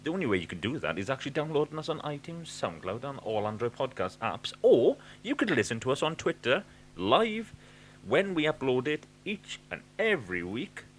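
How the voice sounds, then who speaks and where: A man's voice: mid-range voice, sing-song, normal speed, slight background noise. A man co-hosting a podcast, chatting casually in a rambling, sweary way full of fillers. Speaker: podcast co-host. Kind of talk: casual chat.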